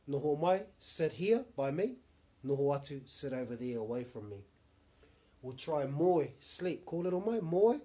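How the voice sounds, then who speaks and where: A man's voice: mid-range voice, dark tone. A man teaching a language lesson, patiently modelling short phrases and repeating them.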